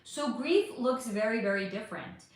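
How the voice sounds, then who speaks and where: A woman hosts a casual livestream, reading out viewer questions and answering them. Her voice sits high and swoops around a lot, and she talks straight to her viewers with plenty of emphasis. The sound bounces around a very echoey room. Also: animated, moderate pace.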